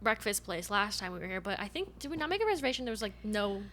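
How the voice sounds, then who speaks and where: Fast-talking bright woman. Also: medium pitch, sing-song, slight background noise. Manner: talks fast, rushes to get words out. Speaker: podcast co-host. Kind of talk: casual chat.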